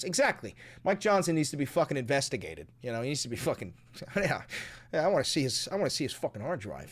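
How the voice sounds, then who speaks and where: A man hosting a political commentary stream, talking in a profane, excitable way and laughing often. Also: medium pitch, quick pace, husky. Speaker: streamer host.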